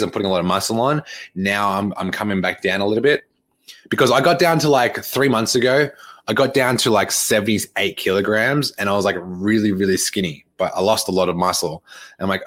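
A man's voice: lowish voice, a little fast, a bit bright. A young man, coaching fitness on a live podcast stream in a blunt, repetitive way with lots of fillers and swearing.

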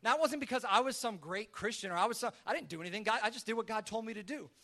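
Brisk bright-voiced male pastor. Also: high voice. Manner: animated, acts out his own and others' quoted lines; conversational, many restarts. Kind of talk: sermon storytelling.

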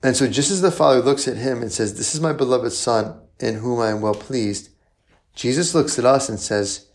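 A male priest delivers a sermon in a conversational way, speaking at medium pitch and normal speed. He often poses rhetorical questions and tacks on "right?"

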